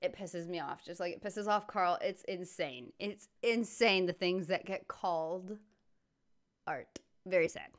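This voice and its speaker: A woman from the United States talks straight into a desk mic at home, voice smooth and clean. She rants in loose, animated bursts, full of "like" and restarts. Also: fairly low pitch, a little slow. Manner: animated, frequent fillers and restarts, swears casually. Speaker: reaction channel host. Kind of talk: casual reaction rant.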